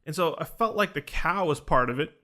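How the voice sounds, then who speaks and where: A man's voice: on the high side, expressive, brisk, bright, forceful tone. A young man casually telling a personal story on a podcast, earnest and rambling, full of fillers and restarts. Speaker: podcast host recounting a ceremony.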